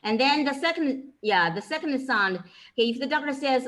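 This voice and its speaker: A woman's voice: sits high, animated, moderate pace, fairly bright tone, rough recording. A woman with a Chinese accent, a Chinese language teacher giving an informal lecture, filling her talk with "you know" and "okay".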